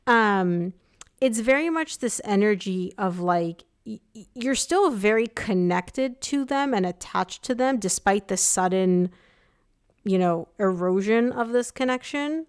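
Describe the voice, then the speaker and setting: A woman's voice: mid-range voice, unhurried, clean tone. A young woman doing a casual live tarot reading, chatty and sympathetic, with lots of "like" and "um". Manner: chatty, empathetic, filler-heavy with frequent "like" and "um". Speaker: tarot reader.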